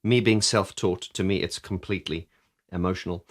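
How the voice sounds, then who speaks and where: His voice is low, husky, and fairly even in intonation, at a moderate pace. As a music reviewer, he talks through an album's keyboard parts casually and with enthusiasm, restarting often and singing along.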